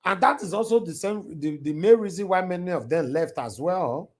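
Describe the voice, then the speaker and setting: This livestreamer has a high-pitched voice and a moderate pace, with a Nigerian Pidgin English accent. Broadcasting from home on his own mic, he delivers an impassioned, preachy monologue to viewers, switching into Pidgin along the way.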